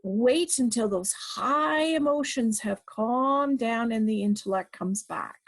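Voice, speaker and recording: This is a middle-aged woman giving a parenting talk, with a voice that sits fairly high. She is emphatic and direct, and she drives her points home with short, repeated commands. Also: takes it slowly. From Canada. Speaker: parenting educator.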